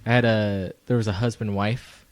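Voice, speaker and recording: A man's voice: fairly low pitch, steady tone, normal speed. A man hosting a podcast in casual chat, laid-back and hesitant, with many short reactions. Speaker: podcast host.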